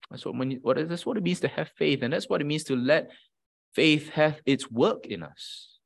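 A man's voice: fairly high pitch, moderate pace, gravelly. Earnest man preaching a sermon. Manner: earnest, emphatic preaching with rhetorical questions and repeated words.

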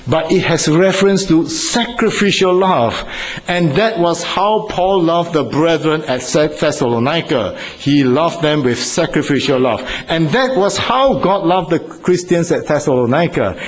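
A man's voice: mid-range voice, low-quality recording. A man preaching a sermon in an earnest way, repeating phrases for emphasis and putting questions to his listeners.

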